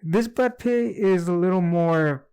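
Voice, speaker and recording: A man co-hosting a casual movie review chat, giving his opinions in a relaxed, rambling way. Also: high-pitched, measured pace, clean tone.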